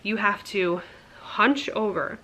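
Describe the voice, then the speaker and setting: A woman's voice: medium pitch, slow pace, pushed and bright. A young woman casually telling her birth story to camera, candid and chatty, full of "like" fillers and self-mocking laughs.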